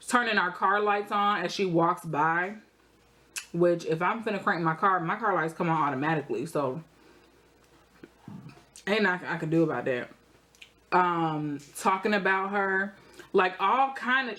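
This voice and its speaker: A young adult woman, telling a story in a casual, animated way while eating, her voice jumping high for emphasis. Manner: animated, expressive storytelling with sudden high jumps in pitch. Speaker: vlogger.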